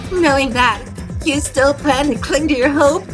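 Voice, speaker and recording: A woman's voice: sits high, unhurried, music in the background, voice pushed up. A woman reading a game's villainous schoolgirl mastermind, obsessed with despair, in a melodramatic, mood-swinging voice. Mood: taunting. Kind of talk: reading game dialogue aloud.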